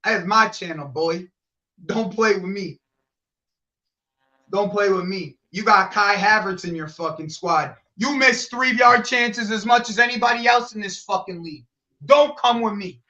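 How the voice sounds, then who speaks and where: A man's voice: sits high, unhurried. A man co-hosting a casual football podcast, swearing and ranting with lots of energy. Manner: animated, swears a lot, rants. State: agitated, rattled. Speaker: podcast co-host.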